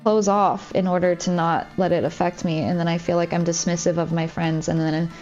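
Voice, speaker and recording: Fairly low and evenly intoned, her darkish voice moves fairly quickly, with the highs cut off and faint music behind. While streaming a game at home she rambles openly, "like" peppering her casual chat.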